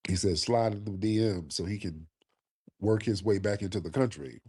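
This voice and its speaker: A man's voice: fairly low pitch, normal speed, darkish tone, slightly rough. A man hosting a call-in show, teasing and mocking his callers in casual banter. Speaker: show host taking callers.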